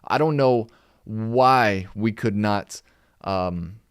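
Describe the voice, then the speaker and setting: A man's voice: fairly low pitch, extremely slow, smooth, dry recording, studio quality. A young man hosting a casual live-stream recap, reading from his notes and firing off exasperated rhetorical questions. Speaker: podcast host recapping games.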